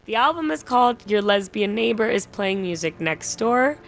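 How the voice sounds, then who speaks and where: Gravelly female radio co-host. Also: mid-range voice, lively intonation, moderate pace, faint music behind. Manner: thoughtful, searching for words, repeats herself. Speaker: radio music show co-host. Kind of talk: casual radio chat about music.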